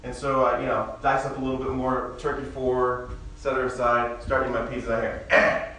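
A man preaching a sermon as a pastor, in a relaxed, conversational way, telling stories with humor. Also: medium pitch, fairly quick. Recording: very echoey room, mic far off, faint ambience.

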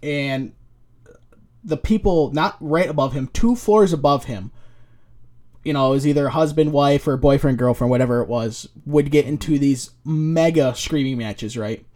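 A man's voice: a little high, moderate pace, a little mellow. A man co-hosting a podcast, chatting casually and telling loose, profane stories into a podcast mic. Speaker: podcast co-host. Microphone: podcast microphone.

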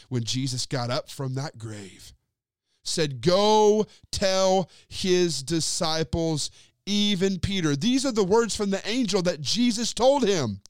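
A man's voice: sing-song, moderate pace, no room sound. Preaching man, dramatic and close-miked. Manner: dramatic storytelling preaching, drops to low quiet endings; addresses listeners directly as friends. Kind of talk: sermon.

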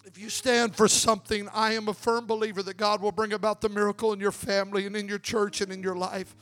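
A young man preaching a sermon, telling a family story and then building to loud, shouted appeals. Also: high voice, little pitch movement, fast, soft background music.

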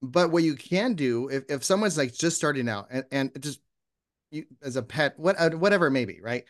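A man talking as a guest in a casual interview, lively and often acting out example posts. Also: on the high side, moderate pace. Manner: animated, acts out sample posts in voices. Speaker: podcast guest.

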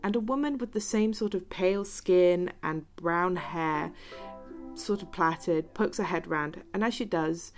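A woman narrating a tabletop role-playing game as game master, relaxed and chatty. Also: fairly low pitch, a little slow, soft background music.

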